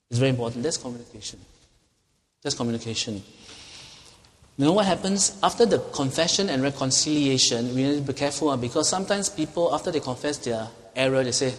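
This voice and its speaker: A middle-aged male pastor preaches in a conversational way, often turning to the congregation with rhetorical questions. His voice sits at an ordinary pitch for a man. It carries a long reverb, as if it was recorded in a church hall. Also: fairly quick, a little hiss or hum. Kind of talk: sermon.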